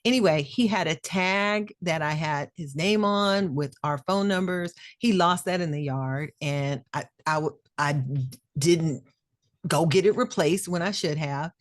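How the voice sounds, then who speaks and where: Lower-pitched woman telling an animated personal story. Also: unhurried, no room sound, studio quality. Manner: animated, emotional storyteller who acts out quoted voices. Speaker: podcast co-host.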